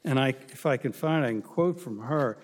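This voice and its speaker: A man arguing a case as a lawyer before a court, measured and halting with frequent restarts. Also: medium pitch, big-room sound, noisy background. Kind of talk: courtroom oral argument.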